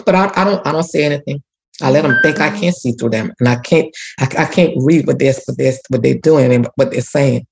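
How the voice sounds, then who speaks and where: Her pitch is extremely low, she talks fairly quickly, and vocal fry runs through her speech, all captured on poor audio. A former teacher turned community activist from Louisiana, she shares a personal story earnestly and prayerfully, restarting repeatedly.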